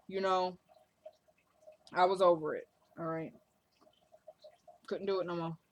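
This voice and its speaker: A woman casually recaps a TV drama episode, telling the story in a chatty, loose way. She keeps slipping into the characters' lines with quick quoted asides. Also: on the low side, fairly even intonation, highs cut off. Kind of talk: casual recap, acting out dialogue.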